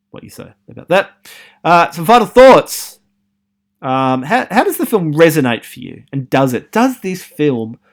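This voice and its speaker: A man from Australia giving a recorded film studies lecture, posing many rhetorical questions with frequent ums and restarts. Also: mid-range voice.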